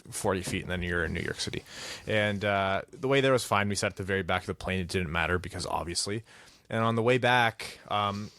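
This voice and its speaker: A man co-hosting a casual hockey podcast, ranting with animated, self-mocking humor. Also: on the low side. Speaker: podcast co-host.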